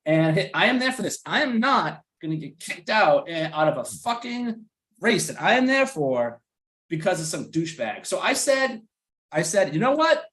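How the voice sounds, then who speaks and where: Animated, foul-mouthed storyteller with a Boston accent. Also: male voice, on the high side, normal speed. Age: around 40. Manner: animated, profane, acts out quotes in exaggerated voices. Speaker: podcast host. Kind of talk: casual storytelling chat.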